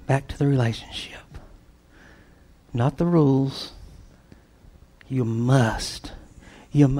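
A man with a notably high voice preaches, telling a story with lively swings in force. He leaps to loud bursts, then drops into hushed, near-whispered lines. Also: unhurried, creaky. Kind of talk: storytelling sermon.

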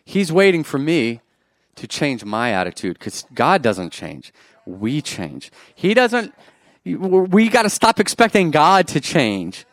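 A man preaching a sermon, animated and joking with the congregation, swinging from loud bursts to quiet asides. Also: a little high, takes it slowly, no room sound. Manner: jokes with the congregation.

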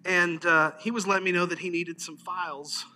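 Man, pastor, sermon, very bright sound, slightly high voice, soft music underneath. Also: moderate pace. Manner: conversational, animated storyteller, frequent "amen". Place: church service.

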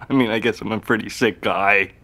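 Patrick Bateman, bright and unraveling. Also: fairly low pitch, steady tone, fairly quick. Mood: manic confession. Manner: rambling, with nervous laughs and hesitations. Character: unraveling young male killer confessing by phone. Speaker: film character.

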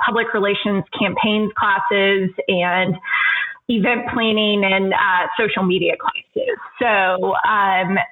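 A woman's voice: medium pitch, pushed and bright, rough recording. A woman from Central Texas, a professor speaking as a guest in an interview, friendly, with frequent ums and uhs. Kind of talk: podcast interview.

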